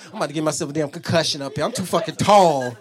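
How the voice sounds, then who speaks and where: A man comedian telling a profane stand-up story, leaping into high-pitched quoted voices. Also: very fast. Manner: animated, profane, jumps into high squeaky quotes.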